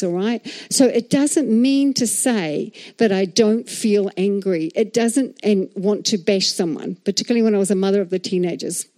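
Middle-aged lady pastor preaching, chatty and animated, mellow voice, keeps asking all right? amen?. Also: medium pitch. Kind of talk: sermon.

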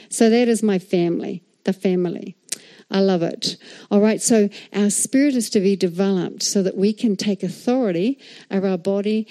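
New Zealand woman preaching, mellow voice. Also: mid-range voice. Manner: animated, asks the crowd for replies. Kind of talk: sermon.

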